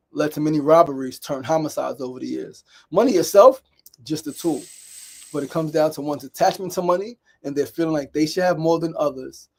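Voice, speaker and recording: Candid New man, gravelly voice. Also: fairly high pitch, a little mellow. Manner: candid, repetitive, storytelling with acted quotes. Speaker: daily show host. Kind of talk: reflective solo monologue.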